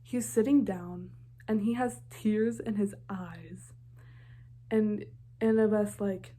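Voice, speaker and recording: A young woman talks through a TV episode in a casual, gushing reaction vlog. Her voice is warm and soft-edged, and her sentences tumble out full of "like" and restarts. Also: medium pitch, slow. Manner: gushing, heavy on filler "like". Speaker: TV reaction vlogger.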